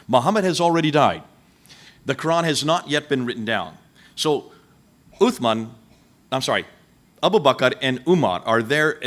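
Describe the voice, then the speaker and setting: A man's voice: mid-range voice, a bit bright. A man giving a lecture to a live audience, emphatic and full of rhetorical questions, speaking directly to the people in the room.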